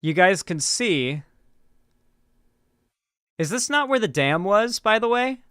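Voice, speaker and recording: A man's voice: high-pitched, sing-song, slow pace, a bit bright, smooth, no echo, clean studio sound. A man from Florida doing casual livestream commentary, rambling with lots of "like" and restarts as he talks to his chat.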